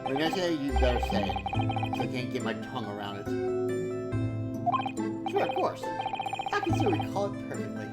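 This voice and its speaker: Woman, low voice, theatrical reading of game lines, wildly swinging pitch. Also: very animated, fast. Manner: theatrical, switches between character voices. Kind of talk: live-streamed dramatic reading of game dialogue. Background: loud music.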